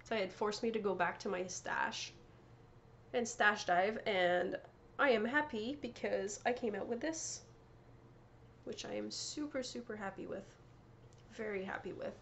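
A woman's voice: mid-range voice, unhurried, pauses often, highs cut off, a little hiss or hum. A woman hosting a knitting podcast, chatting casually and showing off her yarn and prizes, often correcting herself and laughing. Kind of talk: casual show-and-tell chat.

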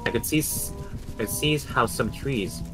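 A man's voice: medium pitch, expressive, moderate pace, music in the background. A man dramatically reading a first-person horror story. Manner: dramatic, acting out fear and desperation.

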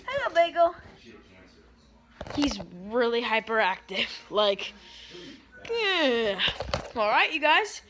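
A woman's voice: a little high, big pitch swings, slow pace, noisy background. A young woman chatting casually to her phone camera in a vlog, playful and chatty. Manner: chatty and playful, tired at times. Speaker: vlogger.

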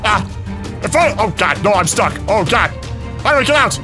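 A man giving frantic, panicky gameplay commentary, yelping and shouting between rambling fillers, with faint music behind him. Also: sits high, very animated, fairly quick. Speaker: gaming YouTuber.

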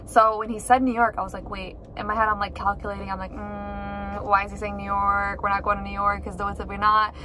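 A woman vlogging, retelling a story in an animated, dramatic way. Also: medium pitch, brisk, hardly any pauses, slight background noise. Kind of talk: casual storytelling.

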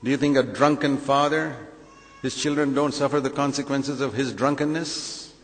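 A man's voice: medium pitch, fairly even intonation, moderate pace, in a large hall. A man preaching a sermon emphatically, full of rhetorical questions and acted-out quotes.

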